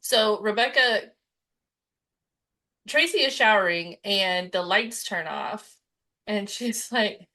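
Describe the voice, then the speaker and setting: A young woman co-hosting a podcast, chatting casually and retelling movie scenes with quick quoted voices. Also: mid-range voice, lively intonation, sharp tone. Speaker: podcast co-host. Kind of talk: casual chat about a movie.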